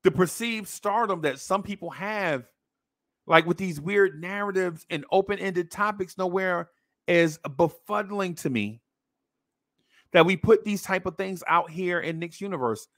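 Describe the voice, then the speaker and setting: Guy going off on a podcast rant, kinda high voice, bright and sharp, dry close sound. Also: measured pace, no room sound. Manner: blunt, mocking, animated with slang. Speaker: podcast host. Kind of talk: opinion rant to camera.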